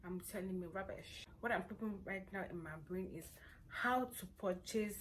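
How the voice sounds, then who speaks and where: A young woman with a Nigerian accent chatting playfully to camera as a vlogger, hoarse from a cold and sore throat. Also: mid-range voice, normal speed, slight background noise. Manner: chatty, playful and self-assured. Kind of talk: casual chat to camera.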